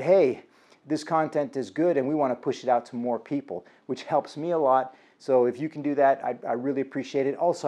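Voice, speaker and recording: A man teaching aikido in an instructional vlog, talking in an energetic, encouraging way. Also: fairly high pitch.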